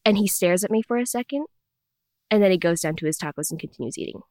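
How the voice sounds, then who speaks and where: A young woman speaks in a mid-range voice, telling a personal story in conversation. She tells it animatedly and quickly slips into imitations of the people she quotes. The sound is dry and close. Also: medium pitch, dry recording. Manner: animated, acts out her parents' voices in quotes. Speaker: podcast guest.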